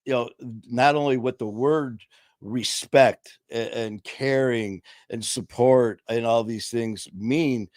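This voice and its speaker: A middle-aged man co-hosting a podcast, talking candidly and earnestly about recovery, mocking himself with quick acted-out quotes. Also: medium pitch, no echo. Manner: earnest, self-mocking, acts out his past self in quotes. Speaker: podcast co-host.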